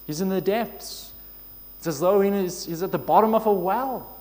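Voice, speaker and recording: A man preaching a sermon in an earnest, measured way, asking his listeners questions. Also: sits high, a little mellow. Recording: long hall reverb.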